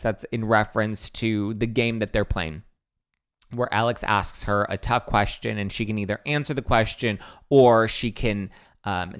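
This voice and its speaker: A male host rambles through pop-culture gossip in a relaxed, chatty way and drifts into side comments. His voice sits on the low side and sounds clean and resonant. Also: clean tone. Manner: chatty, rambling with asides and fillers.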